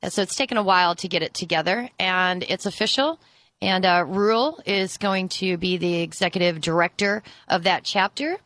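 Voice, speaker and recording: A woman's voice: on the low side, normal speed, a bit bright, no room sound. A woman appearing as a guest on a radio show, chatting enthusiastically about her charity work and laughing easily. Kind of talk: casual radio chat.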